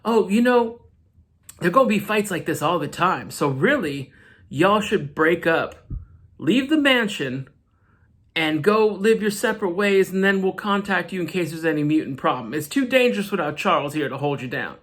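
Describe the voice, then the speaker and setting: A man's voice: high-pitched, lively intonation, moderate pace, a bit bright. A man voicing a smug male government agent in a casual, offhand delivery while retelling a comic.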